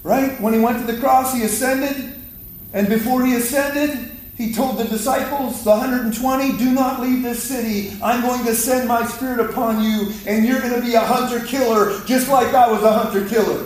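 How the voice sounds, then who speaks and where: A man's voice: very high voice, fairly even intonation, moderate pace. A man preaching a fiery sermon in a church, exhorting the congregation and calling for their response. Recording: echoey hall, mic from far off.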